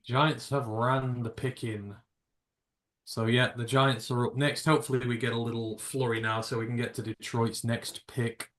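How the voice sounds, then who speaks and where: A man's voice: medium pitch, flat delivery, moderate pace, fairly bright tone. A British man hosting a live reaction stream, rambling and jokey, with casual swearing. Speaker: livestream host.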